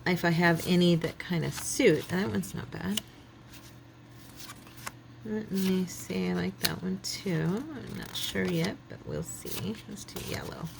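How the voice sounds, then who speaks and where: A woman's voice: fairly low pitch, steady tone, slow pace, vocal fry, background noise. A woman hosting a craft channel, chatting casually to her viewers and thinking aloud as she works, a little silly and self-deprecating. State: yawning, relaxed.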